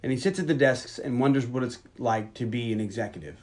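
A man's voice: mid-range voice, fast talker, a little mellow. A man on a podcast, casually retelling a film's scenes, quoting the characters and joking as he goes. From Long Island, New York. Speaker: podcast host. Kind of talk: casual movie recap chat.

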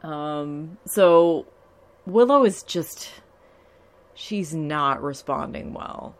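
A woman's voice: low voice, animated, extremely slow. A young woman talking casually and candidly about a TV show, swearing freely. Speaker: TV episode recapper. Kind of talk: casual chat.

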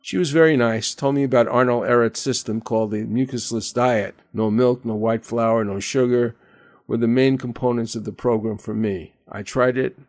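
An older male radio host reads a personal story in a measured, earnest way. His voice sits at an ordinary middle pitch. He introduces his guest with steady care. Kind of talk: scripted radio narration.

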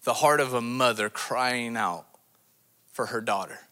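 A male missions pastor preaching to a live congregation in a church. His tone is forceful and bright, and his voice sits in an average range. He throws rhetorical questions at the room and swings from quiet to loud with dramatic shifts. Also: a little slow. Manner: dramatic swings in pitch and loudness. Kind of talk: sermon. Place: church service before a congregation.

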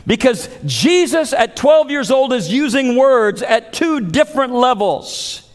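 High-voiced pastor preaching in a reverberant hall. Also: male voice, expressive, measured pace. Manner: dramatic preaching, acts out voices of biblical figures. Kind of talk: sermon.

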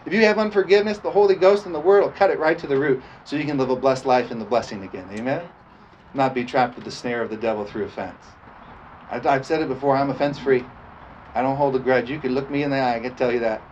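A man's voice: medium pitch, fast talker, a little mellow. A middle-aged male preacher delivers a sermon in an ordinary mid-range voice, punctuating nearly every point with a questioning "amen?" and bursts of laughter. The recording is dull and lo-fi, with a faint hiss underneath. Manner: repeats "amen?" as call for response, laughs often. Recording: dull lo-fi sound with faint noise.

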